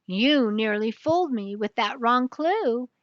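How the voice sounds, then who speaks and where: A woman's voice: fairly high pitch, lively intonation, unhurried, no echo, highs cut off. Big Max, a woman reading as a sure detective. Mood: confident. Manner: confident, explaining. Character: boastful clever elephant detective, male.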